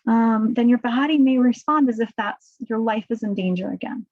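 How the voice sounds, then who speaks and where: A woman giving a relaxed webinar talk on handling emotions, full of "like" and "right?". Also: a little high, normal speed, no echo, phone-quality sound. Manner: conversational, filler-heavy, says "right?" and "like" often. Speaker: presenter on coping with emotions in research.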